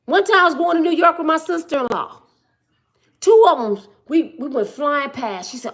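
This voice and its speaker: Middle-aged woman from Michigan, blunt comic storyteller, lively swooping delivery. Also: sits high, brisk. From Michigan, USA. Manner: blunt, joking, acts out quoted voices. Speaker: business owner telling stories. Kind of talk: casual storytelling monologue.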